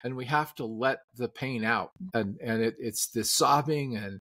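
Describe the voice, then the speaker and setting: A man's voice: medium pitch, measured pace, bright, forceful tone. A man hosting an interview, explaining things in an earnest, conversational way. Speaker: podcast host.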